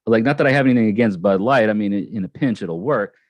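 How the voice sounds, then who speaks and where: A man's voice: fairly low pitch, lively intonation, quick pace, dry recording. Rambling, dry-voiced man telling a story. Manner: rambling storyteller, many restarts and fillers. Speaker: channel host. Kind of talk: casual live-stream chat.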